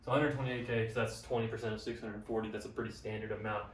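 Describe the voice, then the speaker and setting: Young male coach, casual slangy teacher, lowish pitch, recorded off-mic in an echoey room. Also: level tone, rapid-fire. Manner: casual, upbeat, slangy explaining. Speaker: business coach. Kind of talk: whiteboard business lesson. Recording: roomy, from a distance, faint noise.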